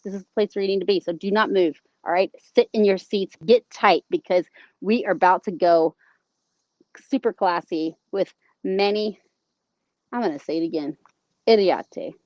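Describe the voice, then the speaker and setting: A woman's voice: medium pitch, moderate pace, a little mellow, no room sound, muffled recording. Bubbly Southern woman chatting on a livestream. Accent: Southern American. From American South. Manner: bubbly, chatty, talks to viewers and reads comments aloud. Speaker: livestream host. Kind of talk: casual livestream chat.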